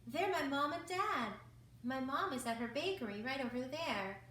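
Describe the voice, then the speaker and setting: A woman voicing a small, shy young girl mouse who talks in a squeaky, excited way. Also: moderate pace, slight background noise. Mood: eager. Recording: roomy, from far off.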